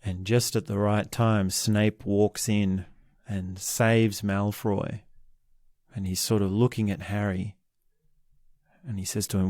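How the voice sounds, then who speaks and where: Slow, reflective male podcast host. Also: on the low side, flat delivery, a little mellow, no echo, studio quality. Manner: slow, reflective, halting with restarts. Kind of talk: book commentary monologue.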